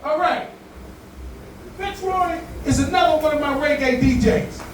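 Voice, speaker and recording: A man hosting a live community event, talking casually to the crowd in a profane, joking, animated way. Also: extremely high pitch, a little slow. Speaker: event host. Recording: very echoey room, far from mic, audible background noise.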